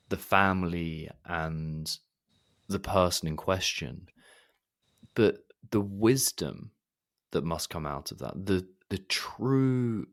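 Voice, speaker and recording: A man hosting a podcast, reflecting enthusiastically during a casual interview. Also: low-pitched. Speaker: podcast host.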